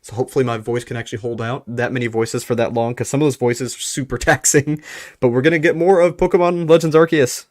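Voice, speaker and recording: A man's voice: medium pitch, steady tone, fast talker, darkish tone, no echo, clean studio sound. A man streaming live, chatting with his viewers and reading aloud as he goes. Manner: chatty, reads aloud, talks to chat.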